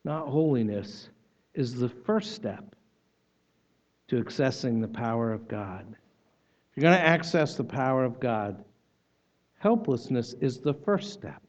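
A man preaching a sermon, rising loud for stress and dropping soft at the ends of his points. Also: mid-range voice, animated, a little slow, long pauses, highs cut off. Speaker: pastor.

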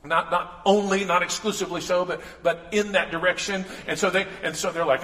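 A man's voice: a little high, quick pace, few pauses, pushed and bright. A man preaching a sermon in a conversational way, with asides and restarts, in a church. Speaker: pastor. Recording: echoey hall with long reverb.

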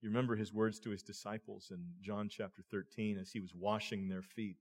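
A man's voice: fairly low pitch, flat delivery, fairly quick, few pauses. A man preaching a sermon as a pastor, earnest, speaking to his listeners as friends and often repeating words.

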